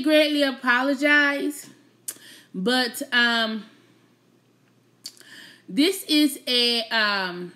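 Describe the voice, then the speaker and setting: High, bright-voiced woman hosting a live stream. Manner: playful, teasing, chatty; laughs often. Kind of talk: casual live-stream chat with viewers.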